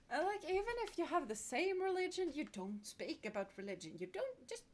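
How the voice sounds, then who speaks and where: Swedish girl streaming a game, high voice, talks slow and laughs between bits. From Sweden. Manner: chatty and frank, laughs between remarks. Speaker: VTuber streamer. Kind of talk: casual chat while streaming a game.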